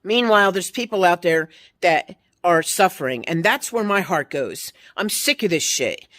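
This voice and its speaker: A woman's voice: on the low side, animated, normal speed, a bit bright. A woman in her fifties ranting bluntly and profanely to her viewers, mocking other people's replies in quoted voices. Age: 50s. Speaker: vlogger. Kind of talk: ranting monologue to camera.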